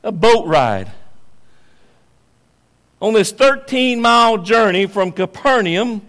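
Male preacher, high voice, slow emphatic delivery, long church reverb. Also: big pitch swings. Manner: dramatic swings from hushed to loud and high. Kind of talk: sermon.

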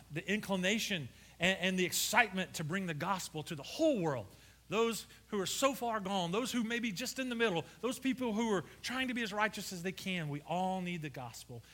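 A pastor preaching a sermon, retelling a story with animated character voices and closing with an earnest altar call. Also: male voice, high-pitched.

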